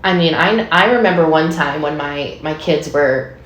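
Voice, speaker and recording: A woman's voice: low voice, moderate pace, echoey room, highs cut off. A woman co-hosting a podcast, a teacher and mother, telling personal stories casually. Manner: storytelling with quoted voices and laughs. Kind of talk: casual chat.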